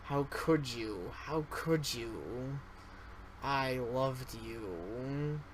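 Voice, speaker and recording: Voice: mid-range voice, animated, extremely slow, noisy background. A streamer voicing a betrayed ghost girl. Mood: accusing. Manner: accusing and mournful.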